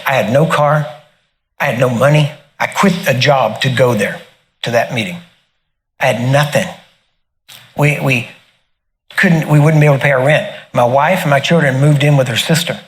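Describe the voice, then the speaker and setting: Middle-aged man, mid-pitched voice, casual storytelling, laughs often, faint background hiss. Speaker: minister sharing a testimony.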